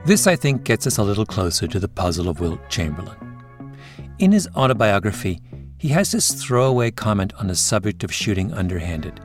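A male podcast host narrating a scripted story in a measured way, with interview clips in between. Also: fairly low pitch, big pitch swings, faint music behind.

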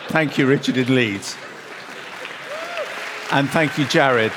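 A man's voice: mid-range voice, takes it slowly, big-room sound, crowd noise, noisy background. Dry, teasing middle-aged male podcast host. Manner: dry, teasing, reads listener emails. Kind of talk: casual podcast chat.

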